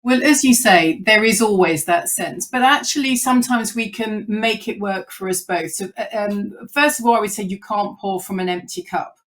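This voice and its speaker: A woman speaking on a parenting panel, chatty, telling animated stories. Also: medium pitch, moderate pace, few pauses. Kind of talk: panel discussion.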